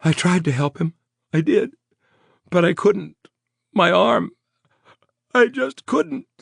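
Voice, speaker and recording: A man voicing a terrified, injured young woman in an audiobook, crying out in a strained, croaking voice. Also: fairly low pitch, animated, extremely slow, darkish tone, no echo, studio quality, voice pushed up, exaggerated voice. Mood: sobbing. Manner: frantic, pleading cries.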